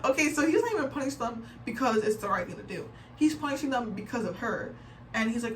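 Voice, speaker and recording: A woman's voice: on the high side, animated, fast talker, faint music behind. A young adult woman reacting to online posts in casual commentary, chatty and full of "like" fillers, often exasperated. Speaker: reaction video creator. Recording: distant mic with faint background noise.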